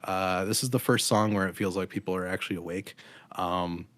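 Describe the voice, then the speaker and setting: A man's voice: deep voice, fairly even intonation, fairly quick, a bit bright, dry recording. A man co-hosting a podcast, giving a blunt, critical album review in casual chat with frequent ums. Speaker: podcast co-host.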